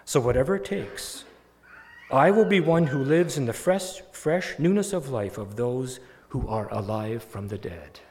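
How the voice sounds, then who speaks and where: A man's voice: mid-range voice, unhurried, a little hiss or hum. A man preaching a sermon, telling a story with rising, emphatic peaks. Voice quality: animated, building to loud emphatic peaks. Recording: long hall reverb.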